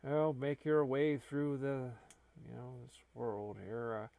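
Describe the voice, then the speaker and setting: Male gaming host, rambling and self-deprecating, slow delivery, dry close sound. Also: mid-range voice, gravelly, mellow, dry recording. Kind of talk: casual gameplay commentary.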